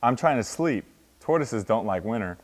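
A man's voice: medium pitch, animated, normal speed, close to an everyday voice. A young man reading the part of a grumpy, sleepy tortoise in a children's picture book, in a grumbling voice. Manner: grumbling, complaining. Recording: long hall reverb.

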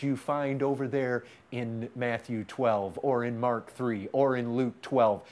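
Impassioned male preacher, mid-pitched. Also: steady tone, slow pace, hardly any pauses. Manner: impassioned, swings between loud urgency and hushed intensity; repetitive, pleading rhetorical cadence. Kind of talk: sermon.

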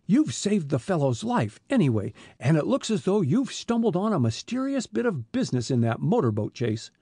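A man reading the part of a genial, self-assured middle-aged detective father with a measured delivery. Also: a little high, sing-song, warm tone, breathy edge, dry recording, clean studio sound, voice pushed up, heavily acted. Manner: measured, amused then businesslike.

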